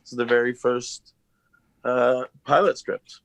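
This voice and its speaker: A man actor on a video call, chatting casually and rambling with halting restarts. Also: medium pitch, steady tone. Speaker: actor guest. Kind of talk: casual interview chat.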